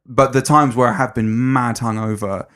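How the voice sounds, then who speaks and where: A man's voice: mid-range voice, fairly even intonation, normal speed, fairly bright tone. A young man co-hosting a podcast in casual chat, swearing freely, laughing often and stumbling over his words. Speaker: podcast co-host.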